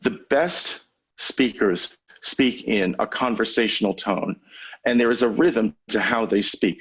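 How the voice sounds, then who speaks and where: A man coaching lawyers on public speaking in a webinar over a video call, teaching in a measured, conversational way with deliberate pauses. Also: fairly low pitch, slightly rough, poor audio. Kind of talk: webinar lecture. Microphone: video call microphone.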